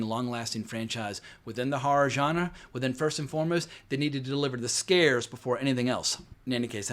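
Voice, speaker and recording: A man giving casual box office commentary on films, animated and conversational, with frequent swearing. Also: medium pitch. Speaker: film commentator.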